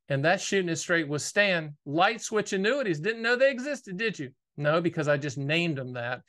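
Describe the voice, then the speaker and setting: A man, hosting a casual video monologue about annuities, talking fast in a folksy, emphatic way. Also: mid-range voice, a bit bright. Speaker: annuity agent and show host.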